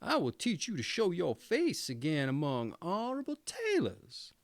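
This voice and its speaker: Old storybook tailor, quick to rage, exclaiming, slow with big pitch swings; a man reads him, dry sound. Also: huge pitch swings, no room sound, full character voice. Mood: scolding. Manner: wrathful, exclaiming. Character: old hot-tempered male tailor. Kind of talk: storybook reading.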